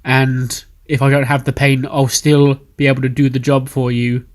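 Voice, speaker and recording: An earnest young male wrestler pleads his case quickly and defensively, as a man puts him on. His voice stays close to an everyday tone. It's a casual game-recap voice. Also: mid-range voice, level tone, a little mellow, close to an everyday voice. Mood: calm.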